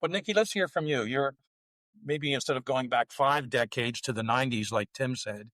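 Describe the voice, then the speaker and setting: A man's voice: mid-range voice, moderate pace, fairly bright tone, no room sound, rough recording. Conversational male podcast host. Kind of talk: podcast interview.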